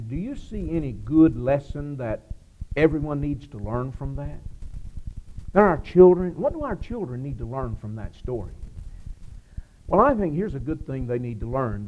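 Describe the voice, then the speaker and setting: Animated male preacher telling a story, slightly high voice, faint hiss. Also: muffled recording. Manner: lively, rising to emphatic loud peaks. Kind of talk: storytelling sermon.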